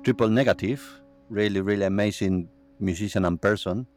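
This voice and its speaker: Man, fairly low voice, calm reflective chat, faint guitar music behind. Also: a little fast. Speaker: musician recalling past workshop. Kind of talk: casual conversational reminiscing.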